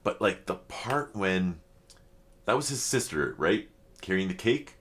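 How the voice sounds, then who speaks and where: A middle-aged man with an extremely low, deep voice chats casually and reflectively to his viewers. He speaks in a halting, heartfelt way, pausing and restarting often. He is openly emotional as he shares his thoughts. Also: very animated, a bit bright. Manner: halting, many fillers and restarts. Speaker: reaction video host.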